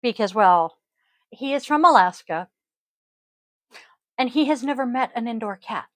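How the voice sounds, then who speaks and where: A woman hosting a casual podcast as a yoga teacher, talking in a rambling, chatty way with frequent ums and throat-clearing. She is recorded at home on a close microphone. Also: a little high, animated, a little slow, fairly bright tone, no echo, rough recording.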